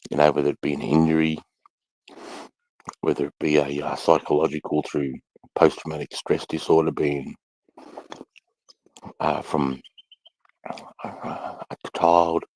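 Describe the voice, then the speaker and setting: A man's voice: a bass voice, a little mellow, no room sound, poor audio. A middle-aged Australian man rambling casually to camera, swearing freely and sighing between thoughts. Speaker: vlogger.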